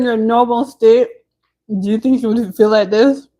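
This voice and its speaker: A woman's voice: on the high side, fairly even intonation, unhurried, mellow, poor audio. A woman chatting casually on a home live stream, answering viewers' comments as she goes.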